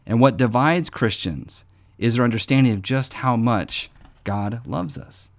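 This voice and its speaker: A man preaching in an earnest, conversational way, swinging between hushed and emphatic passages. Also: medium pitch, lively intonation, a little slow, gravelly. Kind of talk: sermon-style devotional talk.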